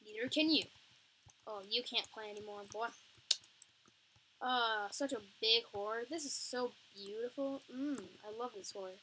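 A woman's voice: fairly high pitch, unhurried, sharp tone, a little hiss or hum. A young woman commenting on a zombie video game as she plays, taunting the enemies in a playful way. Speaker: gamer. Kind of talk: gameplay commentary.

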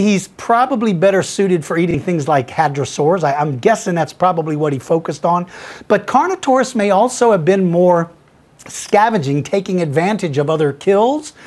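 Middle-aged male podcast host; enthusiastic, chatty, quick to laugh. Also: sits high. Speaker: podcast host answering listener questions. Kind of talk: casual Q&A chat, reading emails aloud.

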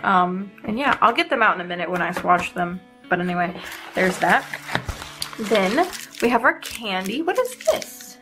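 A young woman hosting her art channel, chatting casually and excitedly as she unboxes art supplies. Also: mid-range voice, moderate pace, over music. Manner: bubbly, excitable, giggly.

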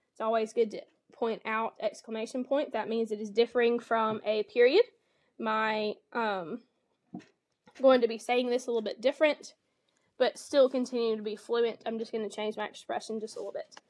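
A woman teacher with a steady, darkish voice on the high side, speaking at a moderate pace, demonstrates a read-aloud lesson for young children. She explains each step and expressively voices the animal sounds.

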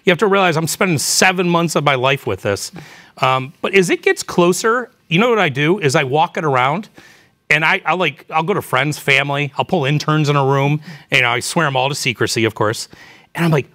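A man's voice: fairly high pitch, animated, a little fast, pushed and bright. A man around fifty, an executive guest, telling candid stories in a casual interview with many fillers. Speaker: chief marketing officer, guest.

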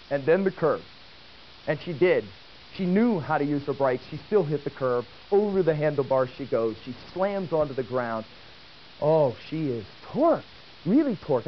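A man giving a lecture and telling a story, talking in an animated way and asking the audience questions. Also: fairly high pitch, normal speed. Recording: dull old tape with faint hiss.

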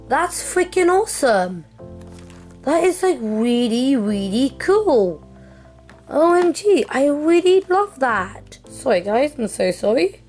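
A young woman streamer chatting casually through an unboxing, excitable and apologetic, with many fillers and restarts. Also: sits high, slow, faint music behind. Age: young adult. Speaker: gaming streamer.

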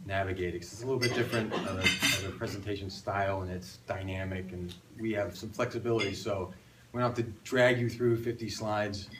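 A man presenting at a business lunch, telling an animated story with rhetorical questions to the room. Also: sits low, a little fast, heavy background noise. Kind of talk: conference talk telling a story. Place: restaurant function room. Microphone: phone on tripod across the room. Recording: distant phone recording.

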